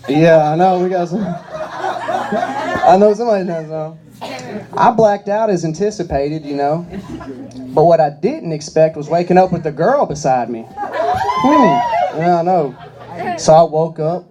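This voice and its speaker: A man's voice: on the high side, measured pace, pauses often, background noise. A man performing stand-up comedy, telling crude, rambling stories. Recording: live comedy club crowd.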